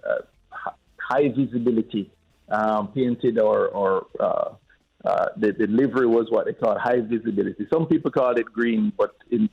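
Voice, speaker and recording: Male radio guest, low gravelly voice, hesitant and measured, heard over a muffled line. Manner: measured, hesitant, with many fillers. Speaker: politician guest. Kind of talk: phone-in radio interview.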